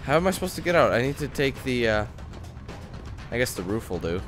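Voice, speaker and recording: A man's voice: mid-range voice, very animated, over music. Ranting gamer guy. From Canada. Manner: chatty, quick to curse and rant. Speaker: let's play gamer. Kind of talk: casual gameplay commentary.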